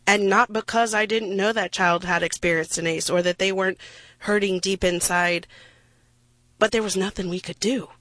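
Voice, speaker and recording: A woman's voice: mid-range voice, steady tone, normal speed, fairly bright tone, no echo. A woman hosting a radio discussion, talking with passion and emphasis and tossing in self-deprecating asides.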